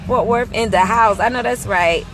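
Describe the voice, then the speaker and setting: A woman's voice: fairly high pitch, normal speed, music in the background. A woman ministry leader chatting casually on a livestream from a parked car outside a mall, greeting viewers by name and blessing them.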